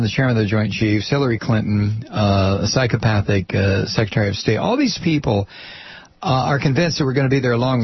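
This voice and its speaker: A man's voice: mid-range voice, gravelly, slightly rough, lo-fi sound. A man hosting his own program, delivering a blunt, sarcastic, rambling political commentary monologue.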